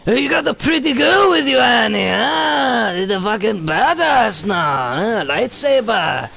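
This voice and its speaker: A man doing an impression of a greedy, mocking male alien junk dealer with a shouty, taunting drawl. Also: very high-pitched, very animated, a little slow, vocal fry, pitched above the performer's own voice, exaggerated voice.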